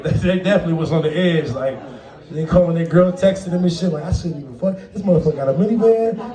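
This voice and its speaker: Brief: high-pitched male stand-up comic, profane and laughing, recorded from a distance. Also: a little mellow, echoey room. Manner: profane, laughing, acts out quoted voices. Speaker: stand-up comedian. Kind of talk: stand-up comedy set. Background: audience laughter.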